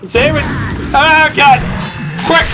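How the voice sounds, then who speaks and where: A man running loud, jokey gameplay commentary, switching between mumbled planning and mock-panicked shouting. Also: very high-pitched, slow, music in the background, low-quality recording. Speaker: gaming video host.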